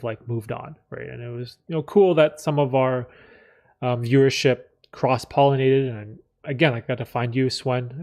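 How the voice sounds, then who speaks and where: A man hosting a live stream, chatting candidly in a rambling, reflective way with many fillers, often clearing his throat. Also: mid-range voice, a little mellow. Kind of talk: casual live stream chat, reading chat.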